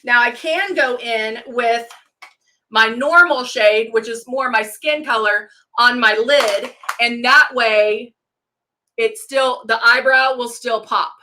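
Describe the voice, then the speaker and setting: Bright-voiced woman rambling through a makeup demo, calling out viewers' names. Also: on the high side, takes it slowly. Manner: chatty, greets viewers by name mid-sentence. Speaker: makeup live stream host. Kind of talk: casual demo chat.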